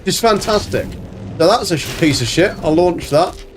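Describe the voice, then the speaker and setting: A chatty man streams a game live, talking loosely to his viewers and cursing now and then. His voice sits a little high for a man, and faint music runs underneath. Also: lively intonation, moderate pace. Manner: chatty, swearing, greets chat viewers by name. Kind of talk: casual live-stream commentary.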